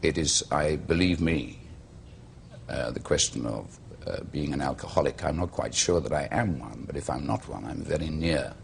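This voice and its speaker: Very deep gravelly Welsh man. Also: a little hiss or hum. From Wales. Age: middle-aged. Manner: slow, measured, eloquent storytelling. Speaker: actor guest. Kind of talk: talk show interview.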